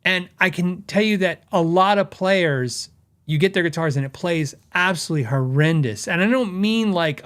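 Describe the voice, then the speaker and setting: A middle-aged man hosts a podcast in a relaxed, chatty way, often restarting his sentences and slipping into quick quoted asides. His voice sits a little high for a man. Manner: conversational, self-correcting, quotes customers in asides. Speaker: podcast host; guitar repair tech. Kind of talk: casual podcast talk.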